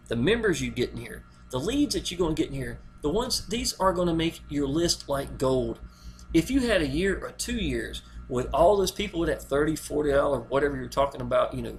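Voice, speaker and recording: A man, promoting a network marketing plan in a folksy, rambling way and talking straight to the viewer. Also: a little high. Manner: folksy, rambling, keeps saying "y'all". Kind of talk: casual video pitch.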